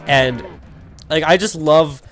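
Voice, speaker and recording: A man's voice: fairly high pitch, takes it slowly, a bit bright. A young man from Canada giving rambling, casual commentary while playing a video game, filling his talk with "like" and the odd swear word. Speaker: let's play commentator. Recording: faint game music behind.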